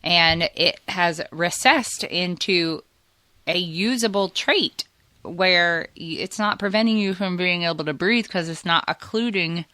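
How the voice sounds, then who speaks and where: A woman's voice: lowish voice, unhurried, bright, forceful tone, dry recording. A woman, the host's wife, chatting casually on a podcast, explaining at length with lots of fillers. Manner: rambling, explanatory, filler-heavy. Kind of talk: casual chat.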